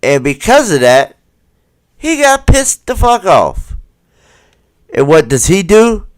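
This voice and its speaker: A man comments on video footage during a livestream, taking his time and swinging his fairly high voice up and down. He swears freely and keeps pressing viewers with rhetorical questions. The sound is dry and close. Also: sing-song, takes it slowly, clear, resonant tone, dry recording. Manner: acts out the people in the footage in quoted voices. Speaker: livestream host.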